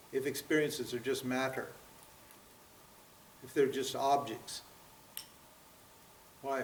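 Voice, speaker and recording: A man's voice: medium pitch, slight background noise. Older man, teacher's lecture, rhetorical questions, roomy sound, mic far away. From United States. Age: 70s. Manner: quizzes listeners with rhetorical questions, frequent "huh?" and "what?". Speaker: spiritual teacher. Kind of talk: seminar lecture. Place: seminar room at a yoga center.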